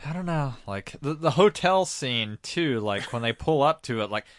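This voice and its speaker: A man's voice: mid-range voice, expressive, moderate pace, no room sound, clean studio sound. A man co-hosting a podcast, talking about a movie in a laid-back way with lots of "you know" fillers. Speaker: podcast co-host. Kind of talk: casual movie discussion.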